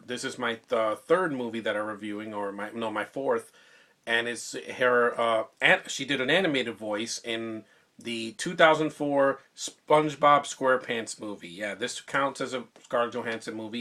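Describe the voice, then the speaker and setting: Excitable man reviewing on a phone mic. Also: medium pitch. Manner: rambling and excitable, with many restarts. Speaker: movie reviewer. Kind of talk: casual movie review vlog.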